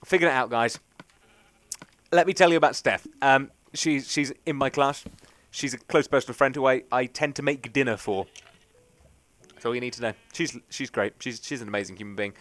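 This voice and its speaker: A man's voice: mid-range voice, moderate pace, fairly bright tone. A young man rambling chattily through let's play commentary, often poking fun at himself. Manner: rambling, chatty, self-mocking. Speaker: gaming channel host.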